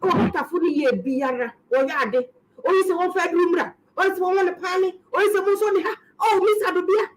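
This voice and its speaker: A woman voicing an excitable village woman who gossips in rapid, run-on chatter. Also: extremely high pitch, slight background noise, pitched above the performer's own voice, low-quality recording. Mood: excited.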